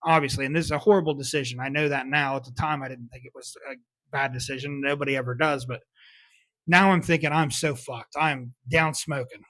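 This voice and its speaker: A man's voice: medium pitch, fairly even intonation, fast, bright, forceful tone, no echo. A young man, hosting a podcast and candidly telling a personal story, swearing often and reflecting on his choices. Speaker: podcast host. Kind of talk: confessional solo storytelling.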